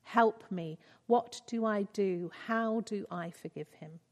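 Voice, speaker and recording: A woman's voice: mid-range voice, slow, a little mellow, natural voice. A woman reading the lines of a grieving father, pleading and questioning. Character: grieving father struggling to forgive. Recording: reverberant hall.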